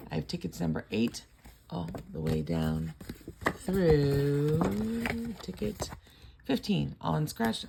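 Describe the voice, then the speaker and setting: A woman's voice: sits low, noisy background. An older woman hosting a casual lottery-ticket vlog, chatting and rambling through a story. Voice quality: gravelly, husky voice.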